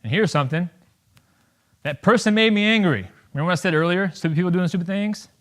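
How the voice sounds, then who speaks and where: A man in his thirties speaks to a college audience in an animated, jokey way. His voice is a touch higher than most men's, and he keeps slipping into quick acted-out voices to make his points. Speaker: guest speaker. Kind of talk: campus talk to an audience.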